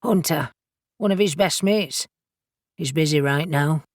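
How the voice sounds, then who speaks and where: A woman's voice: low-pitched, unhurried, no room sound, clean studio sound. A woman reading the part of a moody young man who speaks in a subdued, guarded way.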